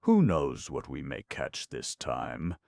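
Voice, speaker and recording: A man voicing a cheerful, teasing storybook clown, lifted a little above a very deep, gravelly natural voice. The delivery is close and dry. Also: big pitch swings, unhurried, dry recording, heavily acted. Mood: cheery. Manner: teasing, bright.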